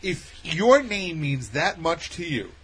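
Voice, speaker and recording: A man's voice: a little high, very animated, takes it slowly, a bit bright, low-quality recording. A man co-hosting a casual talk show, ranting with mock indignation in loose banter. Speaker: podcast co-host.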